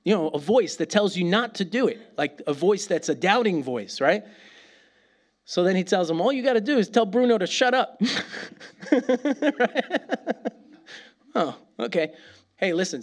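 A man preaching a casual, animated sermon, laughing often and acting out little dialogues. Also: a little high. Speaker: pastor.

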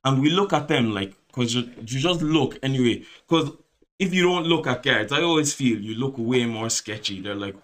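A man's voice: mid-range voice, moderate pace. Young man telling a story. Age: 20s. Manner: animated, swearing, laughing through the story. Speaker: podcast host. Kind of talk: casual storytelling chat.

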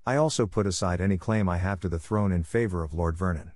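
Audiobook role: a steady, formal military lord, read by a man, low voiced. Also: fast talker, no room sound, clean studio sound, natural voice. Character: steady veteran lord marshal.

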